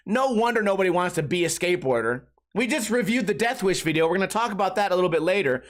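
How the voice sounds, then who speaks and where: Animated man ranting on a podcast. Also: high-pitched, fast, few pauses. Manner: animated, mocking, puts on voices of others, swears freely. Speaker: podcast host. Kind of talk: solo comedic rant.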